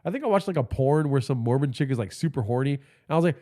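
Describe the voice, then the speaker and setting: A man telling stories on a phone livestream, rambling and excitable, with a swear in nearly every other sentence. His voice sits at an ordinary middle pitch, and his stuffy nose thickens the sound a little. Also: quick pace. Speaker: podcast host. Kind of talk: casual livestream storytelling. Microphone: phone held in hand.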